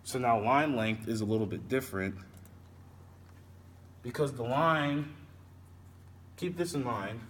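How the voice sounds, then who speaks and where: A man's voice: mid-range voice, unhurried, long pauses. Man, lesson explainer, sounds out and repeats words; mic set back, faint hiss. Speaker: teacher. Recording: distant mic with faint background noise.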